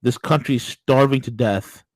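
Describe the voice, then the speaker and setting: A man co-hosting a political talk show, telling stories in a mocking, crude, animated way. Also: medium pitch, moderate pace, dry recording, poor audio. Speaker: co-host.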